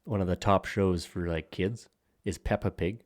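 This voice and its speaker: A man's voice: low-pitched, steady tone, normal speed. A young man co-hosting a podcast, rambling and joking crudely in casual banter with lots of fillers and laughs. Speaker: podcast co-host.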